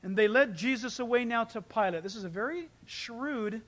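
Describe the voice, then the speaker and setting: A pastor preaching a sermon, telling stories with animated delivery and acting out quoted voices. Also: male voice, very high-pitched, normal speed. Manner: animated storytelling, acts out quotes.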